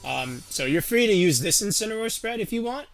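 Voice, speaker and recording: A man's voice: high voice, big pitch swings, fairly quick, faint music behind. A man casually walking through a game teambuilding tutorial, rambling with lots of fillers and restarts. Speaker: competitive game YouTuber.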